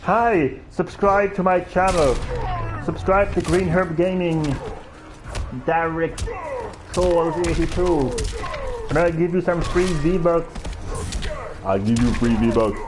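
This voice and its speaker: A man's voice: a little high, slow pace, pauses often, voice pushed up. A man doing a bad Terminator impression. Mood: mock-robotic. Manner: a self-confessed terrible impression. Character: male cyborg killer, flat and menacing.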